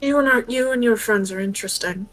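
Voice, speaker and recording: A woman voicing a calm, quietly menacing male go-between in a tabletop game, speaking unhurriedly. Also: a little high, quick pace, soft background music, lightly acted, low-quality recording.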